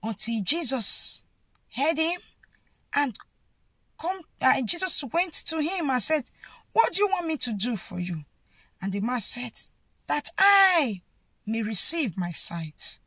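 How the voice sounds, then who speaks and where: A woman preaching a sermon, rising to impassioned shouted pleas. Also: sits high, sing-song, unhurried, dry recording.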